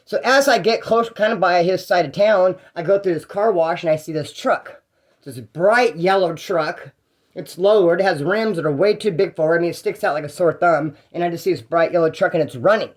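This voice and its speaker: A young man spins a casual story in quick, tumbling bursts. His voice sits a little high, and his slangy, rambling delivery keeps doubling back on itself.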